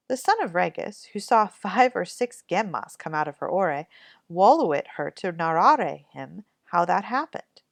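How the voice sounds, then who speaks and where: A woman narrates a fairy tale in a lively storybook voice. Her voice sits low with a gravelly edge. It rises and falls widely, recorded close in a dry room. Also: no room sound. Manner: lively, expressive reading. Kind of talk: storybook read-aloud.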